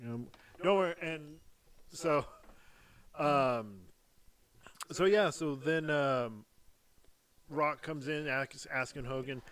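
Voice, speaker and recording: A man's voice: on the high side, slow, long pauses. A man hosting a casual wrestling podcast, telling stories animatedly and laughing often. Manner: animated storyteller, laughs often, slips into impressions. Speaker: podcast host. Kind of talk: casual chat.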